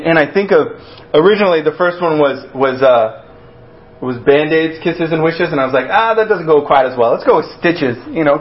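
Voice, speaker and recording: Male preacher, slightly high voice, loose storytelling delivery, dull recording. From Texas. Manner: conversational and storytelling, with many restarts and acted-out quotes. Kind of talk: sermon.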